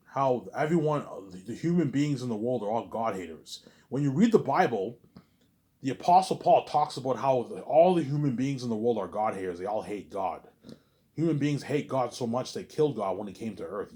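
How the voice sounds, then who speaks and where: A man's voice: mid-range voice, animated, moderate pace, a little mellow. A young man rambling to camera in a monologue, stammering and repeating himself, trailing off on a mumbled "obviously.". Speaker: vlogger.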